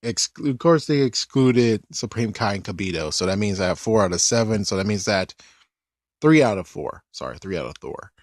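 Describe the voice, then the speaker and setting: A man with a voice on the low side talks at normal speed, offering casual, rambling commentary on an anime episode. He's animated and often corrects himself mid-sentence, and the recording is dry and studio quality.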